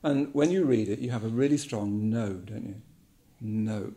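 A man giving a reflective talk, musing aloud, repeating words and pausing with ums. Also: on the low side, mellow.

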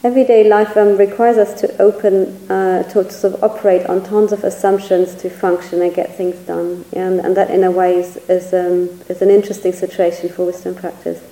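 A woman's voice: mid-range voice, little pitch movement, normal speed, few pauses, warm tone, reverberant, low-quality recording. A woman teacher giving a reflective Buddhist dharma talk, searching for words and hedging often as she speaks. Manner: reflective, searching, hedges with "sort of".

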